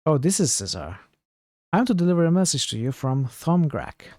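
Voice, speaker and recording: A man voicing a curt, brisk woman adventurer. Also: a little high, big pitch swings, darkish tone, dry recording, clean studio sound, pitched above the performer's own voice.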